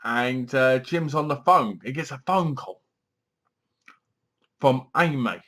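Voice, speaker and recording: Man, casual horror film review, rambling, lots of fillers and restarts, mid pitch. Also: expressive, slow, a bit bright. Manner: rambling, chatty, leans on filler words and restarts.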